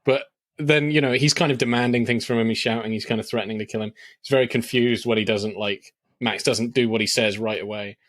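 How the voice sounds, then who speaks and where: A man's voice: mid-range voice, fairly quick, no echo, studio quality. A man co-hosting a podcast in casual chat, talking animatedly with many fillers and acting out lines from films. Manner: animated, hesitant fillers, acts out quoted lines. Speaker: podcast co-host. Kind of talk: casual film discussion.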